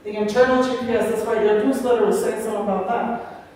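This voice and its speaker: A woman's voice: medium pitch, fairly even intonation, fast talker, darkish tone, far from the mic, slight background noise. An older woman giving a rambling, chatty spiritual talk at a Sunday gathering, often acting out the voices she quotes. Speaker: guest speaker. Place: large hall of a spiritual center. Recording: echoey hall recorded from afar.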